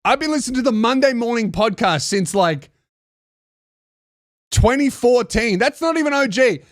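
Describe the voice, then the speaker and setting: A young male podcast host rants into a close mic in a sarcastic, mocking, profane comedy monologue. His very high voice is animated at a moderate pace, with no room sound.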